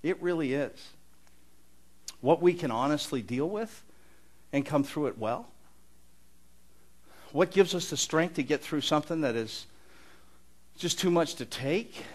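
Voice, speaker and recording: A man's voice: on the high side, expressive, unhurried, pauses often. Earnest conversational male preacher. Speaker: pastor. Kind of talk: sermon.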